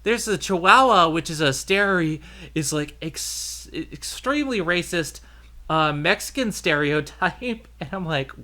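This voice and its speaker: Male podcast host, high and bright, loose rambling delivery. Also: animated, unhurried. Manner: chatty, rambling with fillers and restarts. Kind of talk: casual chat.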